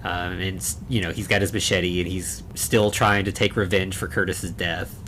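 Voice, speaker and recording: Male podcast co-host, low voice, loose rambling film-recap delivery. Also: fairly even intonation, normal speed, fairly bright tone, slight background noise. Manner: rambling, many fillers and restarts. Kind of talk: casual chat recapping a horror film.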